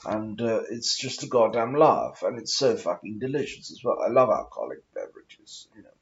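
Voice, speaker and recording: Posh english guy smoking as he rambles, swears a lot, lowish voice that swings all over, kinda dull muffled audio. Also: very animated, normal speed. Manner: profane, meandering, self-mocking asides; smoking while talking. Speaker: vlogger. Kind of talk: rambling monologue to camera.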